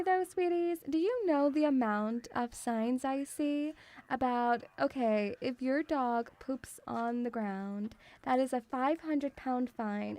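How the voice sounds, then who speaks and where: A woman's voice: high-pitched, darkish tone. A young British woman streaming live as a playful, mock-stern teacher who teases her audience. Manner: teasing, mock-stern, calls the audience "sweetie".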